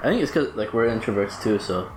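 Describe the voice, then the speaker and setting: A man's voice: fairly low pitch, animated, fast talker, a little hiss or hum. A young man co-hosting a podcast in casual chat, laid-back and a little hesitant. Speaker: podcast co-host.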